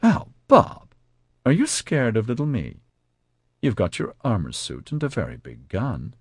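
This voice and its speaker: A man's voice: medium pitch, wildly swooping pitch, measured pace, slightly rough, no echo, studio quality, pitched above the performer's own voice, full character voice. A man voicing a sly, mocking female soldier with a teasing, sing-song manner.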